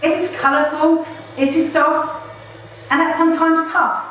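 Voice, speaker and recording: A woman's voice: sits high, level tone, measured pace, a bit bright. A woman performing her own poems live, chatty and playful between them. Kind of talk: live spoken-word poetry reading. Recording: echoey room from far off.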